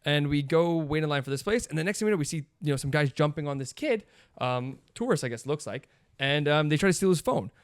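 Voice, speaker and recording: A young man rattles off a rambling story in quick, tumbling bursts, pitched a little high for a man. He laughs as he goes. The recording is close and dry. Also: expressive, clean tone, no echo. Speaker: podcast co-host. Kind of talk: casual chat.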